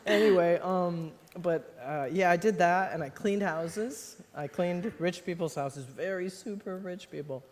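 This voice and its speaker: A woman's voice: on the low side, moderate pace, hardly any pauses, darkish tone. American woman, author guest, chatty and self-mocking, lots of laughter, long hall reverb. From United States. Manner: rambling, laughs often, self-deprecating. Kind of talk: live onstage conversation. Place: stage in a large hall before an audience.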